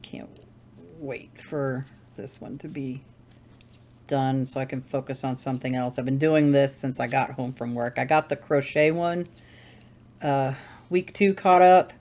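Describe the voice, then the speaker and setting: A woman's voice: a bass voice, unhurried, a little mellow, slight background noise. A woman hosting a crafting channel, chatting casually at home while she knits, rambling and correcting herself as she thinks aloud. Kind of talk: casual chat while knitting.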